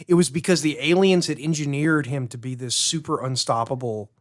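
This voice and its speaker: A man's voice: mid-range voice, brisk. A man co-hosting a casual movie podcast, enthusiastically laying out plot theories at length. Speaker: podcast co-host. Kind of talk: casual movie review chat.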